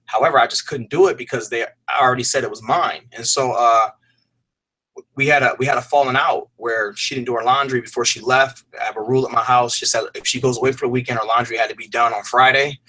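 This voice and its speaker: A man with a bright, ringing tone and a middle pitch tells a hard personal story as an interview guest. He speaks earnestly and rambles a little, dropping casual slang and restarting his sentences. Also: steady tone, fast talker, poor audio. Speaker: fitness program creator, interview guest.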